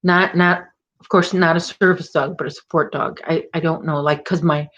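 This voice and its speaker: A woman's voice: low voice, fairly even intonation, normal speed, fairly bright tone, lo-fi sound. A woman hosting a crochet livestream, chatting casually and rambling with viewers, full of "like" and "oh my gosh". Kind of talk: casual chat with live viewers.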